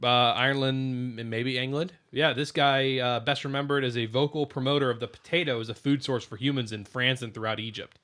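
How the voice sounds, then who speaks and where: A man's voice: mid-range voice, steady tone, brisk, few pauses, fairly bright tone. A man co-hosting a podcast in casual chat, reading out food trivia and stumbling over foreign names. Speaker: podcast co-host.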